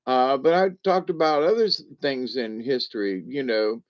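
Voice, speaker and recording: A man's voice: mid-range voice, normal speed, dull audio. A man in his seventies hosting a casual livestream, chuckling often and rambling with restarts as he reads the chat. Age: 70s. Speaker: livestream host reading chat.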